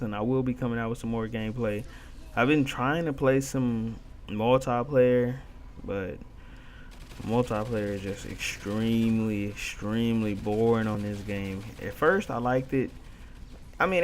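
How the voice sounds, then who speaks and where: A man's voice: on the low side, slight background noise. A young man giving casual gameplay commentary, ranting in frustration about his teammates and repeating himself often. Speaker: gaming video commentator.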